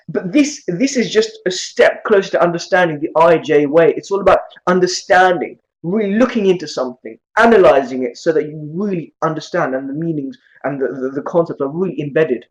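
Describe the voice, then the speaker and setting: A man with a fairly high voice teaches a class of students. He lectures with lots of energy and keeps asking his listeners questions as he explains. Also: low-quality recording. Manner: lively, asks many questions. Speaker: Arabic teacher.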